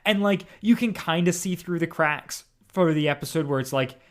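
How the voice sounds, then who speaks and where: Rambling, animated podcast co-host man. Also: on the high side, moderate pace. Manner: animated, rambling with many restarts and fillers. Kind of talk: casual chat reviewing an audio drama.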